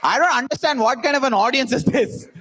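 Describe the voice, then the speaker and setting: A man's voice: extremely high pitch, fast, bright, forceful tone, slight background noise. A young man from India telling a self-mocking comic story to a live audience, acting out the people in it. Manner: jokey, self-mocking, acts out voices of people in his story. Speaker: speaker at a student event.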